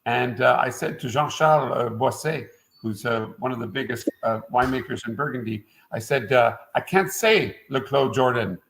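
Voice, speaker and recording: A man's voice: medium pitch, normal speed, vocal fry, a bit bright, slight background noise, rough recording. A middle-aged man from Quebec, a winemaker guest telling stories in a casual interview, rambling along with plenty of "uh" fillers. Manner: rambling and anecdotal, frequent "uh" fillers.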